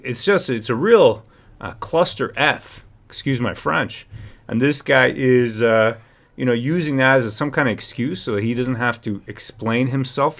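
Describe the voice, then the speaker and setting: Male streamer host, agitated rambling commentary, average pitch. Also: vocal fry, a bit bright. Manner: agitated, rambling, frequent restarts. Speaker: livestream host. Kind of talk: ranting livestream commentary.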